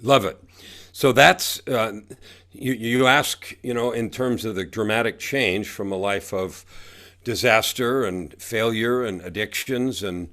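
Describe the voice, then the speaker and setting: A man's voice: on the low side, measured pace, a bit bright. Guy in his 60s, coach on a podcast, punchy and preachy, hammers the same lines over and over. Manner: emphatic, preachy, repeats catchphrases. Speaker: guest, author and coach. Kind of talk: motivational podcast interview.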